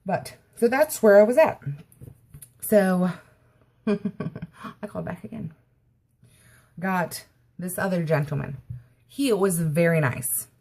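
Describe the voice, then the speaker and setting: Husky-voiced woman telling an indignant story. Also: fairly low pitch, slow, pauses often, mellow. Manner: indignant retelling, constantly quoting herself with "I said". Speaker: vlogger. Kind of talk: story time rant.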